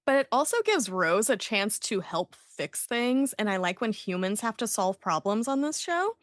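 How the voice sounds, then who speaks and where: Lively woman recapping on a podcast. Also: mid-range voice, normal speed, dry recording, clean studio sound. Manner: animated retelling, acts out character lines. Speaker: podcast host recapping an episode.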